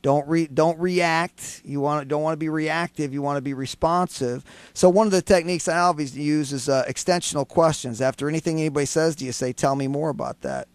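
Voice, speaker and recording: A man with a slightly high voice hosts a radio advice talk, explaining ideas patiently and acting out the tones of voice he describes. The sound is close and dry, with no room echo. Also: fairly even intonation, brisk, hardly any pauses, clean tone. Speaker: radio talk show host.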